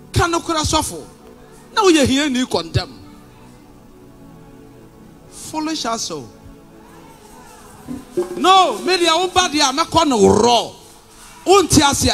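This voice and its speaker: High-pitched fiery Ghanaian preacher man. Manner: combative, shouting, sing-song preaching mixing languages. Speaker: pastor. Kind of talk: fiery sermon.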